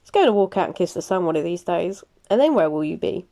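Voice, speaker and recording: A sardonic male vampire, amused and drily teasing, as a woman reading aloud plays him. The voice is mellow and relaxed, in the manner of a storybook reading. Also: fairly low pitch, quick pace.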